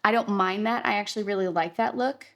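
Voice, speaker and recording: A young woman talking a friendly watercolor lesson in an upbeat, reassuring way, dropping in easygoing fillers as she paints. her middle-pitched voice slides into a gravelly fry at the ends of phrases. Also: quick pace. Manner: chatty, upbeat, reassuring, lots of fillers like "kinda". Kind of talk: casual instructional painting tutorial.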